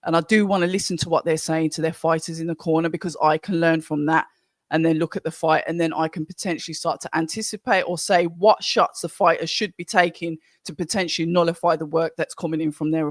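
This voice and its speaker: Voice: medium pitch, dry recording, studio quality. Chatty streamer with a Birmingham accent. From Birmingham, England. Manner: chatty and rambling, with frequent restarts. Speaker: live-stream host of a boxing watch-along. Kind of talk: casual live-stream commentary, reading out chat.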